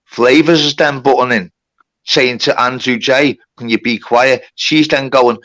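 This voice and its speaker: A man's voice: mid-range voice, steady tone, a little slow, fairly bright tone. A man telling a long story on a livestream, with lots of swearing and reported speech. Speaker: livestream host. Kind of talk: casual storytelling.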